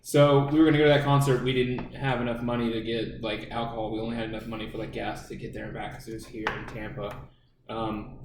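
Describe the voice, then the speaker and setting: A man's voice: mid-range voice, level tone, fast talker. Rambling young man on a roomy podcast. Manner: rambling, profane storytelling with fillers. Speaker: podcast co-host. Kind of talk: casual podcast chat. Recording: roomy room, distant mic, faint noise.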